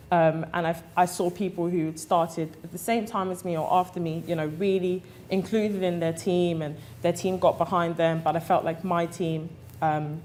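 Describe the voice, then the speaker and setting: A young woman engineer answering on a conference panel, earnest and steady, with frequent hesitation fillers. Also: lowish voice. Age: young adult.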